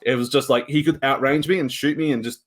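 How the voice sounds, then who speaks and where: A man's voice: mid-range voice, steady tone, fast. A man, co-hosting a podcast and recapping his games in casual, rambling chat with shrugging asides. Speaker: podcast co-host.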